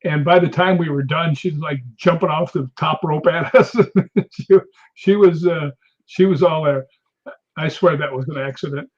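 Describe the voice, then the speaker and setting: Chatty middle-aged man, husky voice. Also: a little high, normal speed, muffled recording. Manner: chatty storyteller, laughs often. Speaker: guest host. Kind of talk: casual chat. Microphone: video call.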